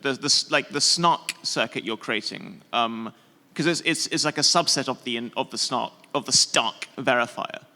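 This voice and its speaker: A man's voice: mid-range voice, pushed and bright. Rambling, sleep-deprived man asking a question. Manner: rambling, halting, full of fillers and restarts. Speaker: audience member asking a question. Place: conference hall. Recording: long hall reverb.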